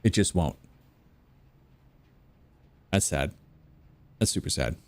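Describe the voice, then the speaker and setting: A man's voice: deep voice, expressive, slow pace. An American man chatting casually while playing a video game, rambling through stories and restarting his sentences. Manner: rambling, anecdotal, self-interrupting. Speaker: gameplay commentator.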